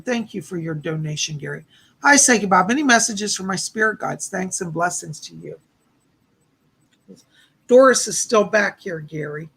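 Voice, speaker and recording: Hoarse gravelly psychic on a livestream. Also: male voice, sits high. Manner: gentle, reassuring, relays messages with repeated "she said". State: losing his voice, hoarse. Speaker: psychic medium hosting a livestream. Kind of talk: live psychic readings answering chat.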